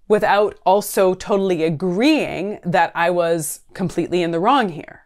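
A woman's voice: mid-range voice, normal speed, hardly any pauses. Earnest woman counsellor, conversational advice. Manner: earnest, conversational, frequent "right?" and "like". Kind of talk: talking-head advice video.

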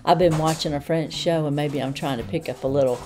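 A woman's voice: low-pitched, steady tone, fairly quick, a little mellow, soft background music. A woman with a Southern accent chatting enthusiastically through an unboxing review in a homey way. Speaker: unboxing vlogger. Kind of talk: casual product review.

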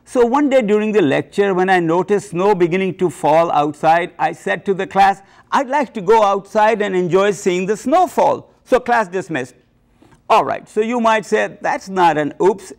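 A man's voice: sits high, vocal fry, darkish tone. An older man with an Indian accent, hosting a show and telling wry, self-mocking stories from his own memoirs. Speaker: host. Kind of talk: memoir storytelling.

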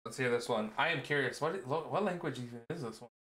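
A man streaming a game, excitable and swearing often as he plays. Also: mid-range voice, brisk, echoey room. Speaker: gaming streamer. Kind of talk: let's play commentary.

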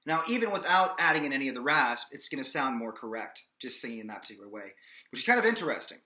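A man's voice: mid-range voice, very animated, fast, sharp tone. A man teaching a singing lesson in a casual, explanatory way, often checking in with "okay?". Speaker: vocal coach. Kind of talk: singing lesson with sung demonstrations.

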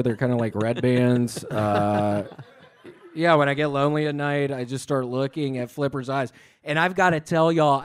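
A man, a comedian guest on a live stage, bantering in an absurd way, swearing often and bursting into sudden shouts. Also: mid-range voice. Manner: swears a lot and breaks into sudden loud shouting. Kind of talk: absurd deadpan stand-up banter.

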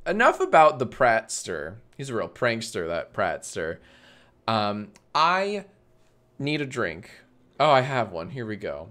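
Slow-talking sarcastic male streamer. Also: on the low side, big pitch swings, bright, forceful tone. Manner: sarcastic, joking, swearing. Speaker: livestream host. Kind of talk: casual livestream chat. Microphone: desk mic.

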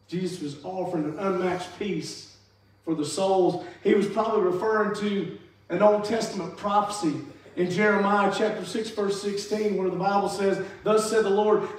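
A pastor preaching a sermon, swinging between emphatic rises and quiet, soft endings. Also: male voice, high-pitched. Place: church sanctuary. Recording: echoey church hall, mic far off.

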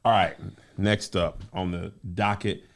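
A man hosting a casual podcast, talking in an animated, joking way and acting out voices. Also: low-pitched. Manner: animated, quick to act out voices and joke. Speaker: podcast host. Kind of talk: casual chat.

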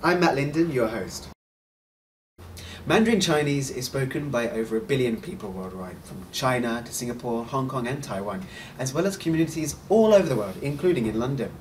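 A man hosts a scripted language lesson in a mid-pitched voice that rises and falls with plenty of movement. He explains clearly and encourages the listener to repeat. He sits a little back from the microphone, with faint noise underneath. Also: animated, distant mic. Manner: clear, encouraging, models sounds slowly. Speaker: host and Mandarin teacher.

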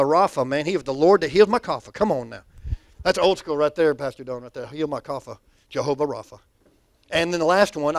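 Lively male pastor, higher register, clean dry mic, rallies the congregation. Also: dry recording. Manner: energetic call-and-response preaching. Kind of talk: sermon. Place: church sanctuary.

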